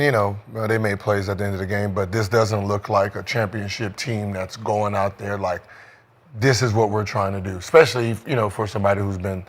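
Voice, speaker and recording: Man, low voice, casual sports podcast chat, rambling, lots of fillers. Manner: loose, rambling, heavy "you know" fillers. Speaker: podcast co-host, former basketball player.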